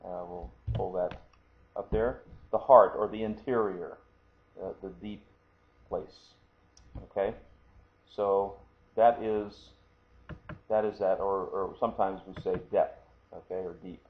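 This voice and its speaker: Low-voiced man explaining patiently, tinny audio. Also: steady tone, takes it slowly, pauses often. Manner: patient, explanatory, frequent "okay?" check-ins. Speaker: martial arts instructor. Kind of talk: screen-recorded lesson. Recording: tinny phone-like audio, faint hiss.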